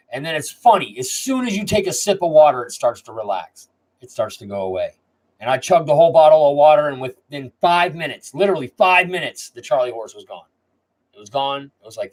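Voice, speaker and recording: Male live-stream host with a raised pitch; easygoing, rambling, chatty delivery. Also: rough recording. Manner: rambling, laid-back, chatty. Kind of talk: casual live-stream chat.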